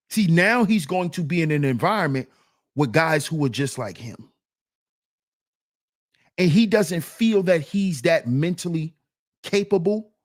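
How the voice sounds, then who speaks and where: A man talks over a clip with lively, swinging pitch and a slightly raised voice. He is emphatic and keeps prodding the listener. The sound is dry and close to the mic. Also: dry recording. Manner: animated, emphatic, repeats "see". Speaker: commentary host. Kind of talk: casual commentary on a video clip.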